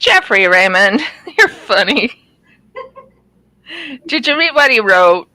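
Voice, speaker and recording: Brief: chatty woman craft vlogger, rambling and casual, bright tone, dry close sound. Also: mid-range voice, big pitch swings, slow pace, no echo, rough recording. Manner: rambling, chatty, many ums and restarts. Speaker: craft channel host. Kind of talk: casual chat while diamond painting.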